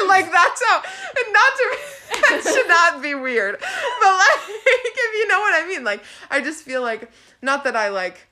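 A woman's voice: extremely high pitch, big pitch swings, unhurried, background noise. A young woman guesting on a podcast, chatting casually, giggling and saying "like" a lot. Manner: giggly, lots of "like". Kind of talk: casual chat.

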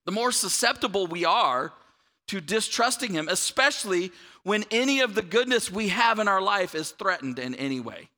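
A man's voice: high-pitched, moderate pace. A man, a pastor giving a conversational sermon to a church audience, often checking in with "right?". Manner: conversational, animated, asks the room "right?".

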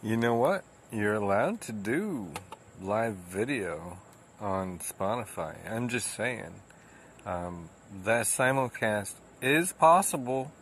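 A man's voice: on the low side, animated, slow, a bit bright, slight background noise. A man co-hosting a podcast, casually reading out sources with easy fillers. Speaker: podcast co-host.

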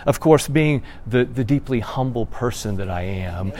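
A man's voice: mid-range voice, expressive, moderate pace, a little hiss or hum. Conversational male pastor preaching. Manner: conversational, swings from hushed to loud and emphatic. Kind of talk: sermon.

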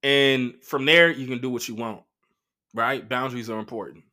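Bright-voiced man, profane storytelling. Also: mid-range voice, normal speed. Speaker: comedian podcast host. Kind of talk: casual solo monologue.

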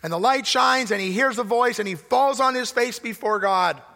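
Guy preaching in a big echoey church, bright gravelly voice, gets loud then goes real quiet. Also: very high voice, normal speed. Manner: emphatic preaching, swings from loud to hushed. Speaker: pastor. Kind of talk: sermon. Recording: long hall reverb.

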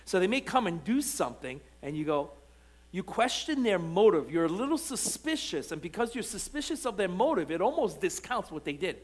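A man preaching from the pulpit with a notably high voice for a man. He shifts between relaxed storytelling, full of restarts, and fervent emphatic lines. The delivery is that of a church pastor. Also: brisk. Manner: animated preaching, rising to emphatic repeated lines; conversational storytelling with frequent restarts. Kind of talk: sermon. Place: church sanctuary.

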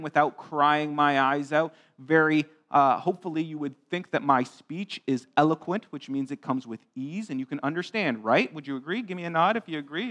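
A man's voice: high voice, a bit bright. A male pastor giving a child-friendly sermon in church, chatty and asking the congregation questions. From grew up on a farm. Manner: conversational, asks the congregation questions.

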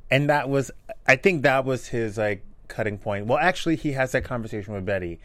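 A man's voice: mid-range voice, fairly quick, a bit bright, no echo. A man in his thirties co-hosting a casual TV recap, speaking in an emphatic, punchy, teasing way. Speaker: co-host.

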